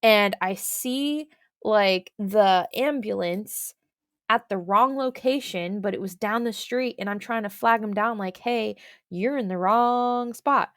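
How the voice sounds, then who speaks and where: A woman's voice: mid-range voice, a little slow, fairly bright tone, dry recording, clean studio sound. A woman co-hosting a podcast, telling a story casually and rambling with many filler words. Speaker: podcast co-host.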